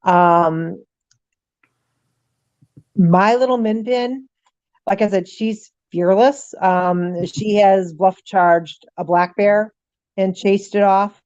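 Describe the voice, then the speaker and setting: A middle-aged woman, a guest on an interview show, telling lively stories, voicing animals' thoughts and dropping frequent ums. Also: medium pitch, takes it slowly, long pauses, no room sound, highs cut off. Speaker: guest, paranormal author. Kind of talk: casual storytelling interview.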